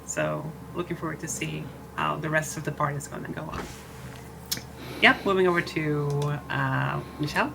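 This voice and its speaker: A woman, a player in a tabletop game, introducing herself in a relaxed, halting way. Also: deep voice, creaky, noisy background. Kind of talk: casual chat at a game table.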